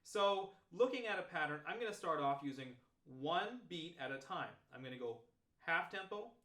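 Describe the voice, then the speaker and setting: A relaxed male instructor, his voice on the higher side, talks at normal speed while explaining trombone practice techniques step by step through examples. A noticeable echo from the room colors the recording.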